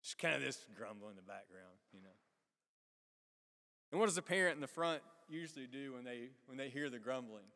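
A man's voice: mid-range voice, expressive, brisk, sharp tone, long reverb tail. A man preaching a sermon. He keeps asking the congregation questions and acts out the characters in the story. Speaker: pastor.

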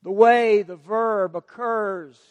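A man's voice: high voice, fairly even intonation, takes it slowly, no room sound, long reverb tail, highs cut off. A man preaching a sermon, emphatic and stressing key words by repeating them.

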